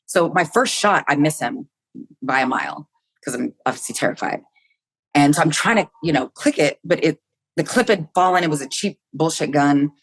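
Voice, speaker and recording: A woman's voice: deep voice, expressive, normal speed. Woman telling a vivid, candid story. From United States. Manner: vivid, candid storytelling, acting out her inner thoughts, swears freely. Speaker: podcast guest. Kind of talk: personal storytelling in a podcast interview.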